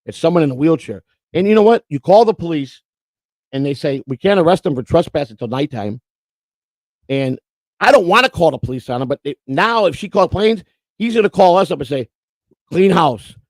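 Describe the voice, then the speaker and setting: A man's voice: fairly high pitch, lively intonation, brisk, no room sound. A man from Florida co-hosting a casual livestream, telling long rambling stories and swearing freely. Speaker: co-host.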